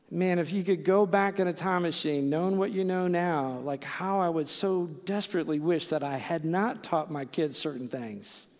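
Casual male preacher, middle-aged, gravelly and slightly high, echoing through a church hall. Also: a little mellow. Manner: conversational, with many fillers and "right?" asides. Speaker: pastor. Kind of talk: sermon.

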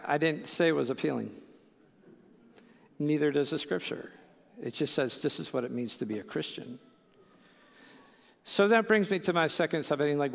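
Casual male preacher, middle-aged, gravelly and slightly high, echoing through a church hall. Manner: conversational, with many fillers and "right?" asides. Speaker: pastor. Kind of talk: sermon.

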